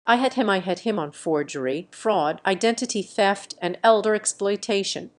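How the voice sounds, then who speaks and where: A woman reading a first-person revenge story as scripted narration, in an even, measured way. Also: mid-range voice.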